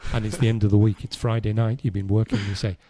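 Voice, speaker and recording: A man hosting an English-learning podcast, explaining a word casually and checking understanding with a quick "no?". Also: on the low side, little pitch movement, dark tone, a little hiss or hum. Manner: explains slowly with Spanish equivalents, asks "no?". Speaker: English teacher and podcast host.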